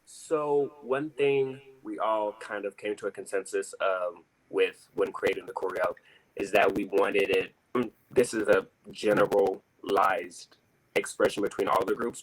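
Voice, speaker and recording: A man who sings in a choir explains how his group built their choreography, speaking thoughtfully and haltingly over a video call. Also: on the low side, a bit bright, poor audio. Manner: thoughtful, halting, many fillers. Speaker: choir singer. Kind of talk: casual reflective explanation.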